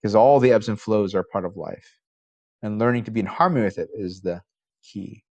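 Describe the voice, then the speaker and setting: A man's voice: on the low side, a little fast, darkish tone. Conversational male philosophy professor. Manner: conversational, asks rhetorical questions. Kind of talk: college lecture.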